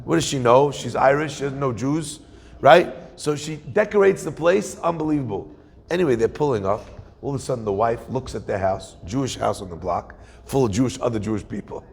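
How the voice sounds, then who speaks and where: A man's voice: medium pitch, brisk, gravelly, a little hiss or hum. A man, a rabbi, telling a story in a sermon and acting out the voices of the people in it. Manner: animated storyteller, acts out quoted voices. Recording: long hall reverb.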